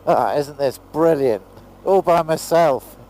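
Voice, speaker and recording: A man's voice: fairly high pitch, slow, dark tone. A man chatting casually into a helmet camera while riding a motorbike outdoors in pouring rain, exclaiming and swearing now and then. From Britain. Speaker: motorcycle vlogger. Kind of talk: casual vlog commentary.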